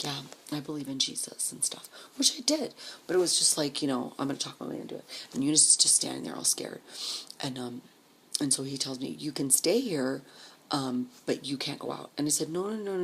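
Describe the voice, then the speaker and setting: A woman's voice: sits low, gravelly, slight background noise. A woman casually telling a rambling, profane personal story, often dropping to a whisper when she quotes people.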